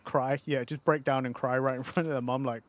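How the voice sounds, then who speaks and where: Streaming a game, this thirty-something man keeps up a casual, rambling chat full of self-mockery, cursing and laughter. His pitch is mid-range, his tone level, and he talks fairly quickly.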